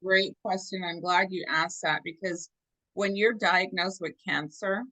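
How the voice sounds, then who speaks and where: A woman guest telling her story in an animated, earnest way over a video call. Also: fairly low pitch, a little slow, poor audio. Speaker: interview guest. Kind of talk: casual storytelling.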